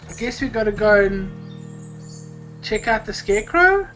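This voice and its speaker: A woman's voice: mid-range voice, big pitch swings, normal speed, a bit bright, soft background music. A woman streamer reading game text aloud in a playful way, with amused asides. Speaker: gameplay streamer. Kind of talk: reading game dialogue aloud while playing.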